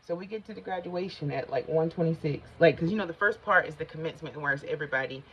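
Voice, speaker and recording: A woman's voice: sits low, fast talker, a little hiss or hum. A middle-aged woman chatting casually to her viewers while doing her makeup, rambling and easily sidetracked as she tells a story. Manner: chatty, colloquial, addresses viewers as y'all. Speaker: vlogger. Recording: slightly dull lo-fi sound.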